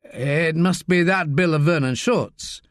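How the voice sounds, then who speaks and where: A man voicing a guarded middle-aged male detective who speaks in terse, measured phrases. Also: fairly high pitch, no echo, clean studio sound.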